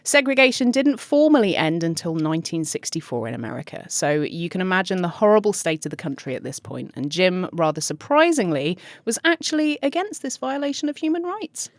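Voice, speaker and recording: A British woman hosts a true crime podcast and reads the story with chatty, giggly asides. Her pitch climbs and falls a lot as she goes. The recording is close and dry, with no room sound. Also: sing-song, brisk, hardly any pauses, dry recording. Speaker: podcast host.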